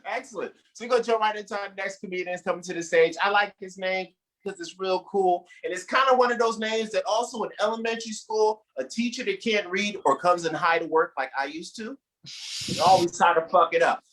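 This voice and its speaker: A man emceeing a comedy show in a loose, animated way, hyping up the crowd between acts. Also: sits high, a little fast, poor audio.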